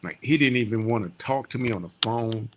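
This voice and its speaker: A military veteran giving a rambling, heartfelt client testimonial that often trails off quietly. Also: male voice, medium pitch, fairly quick, noisy background. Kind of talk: personal testimonial storytelling.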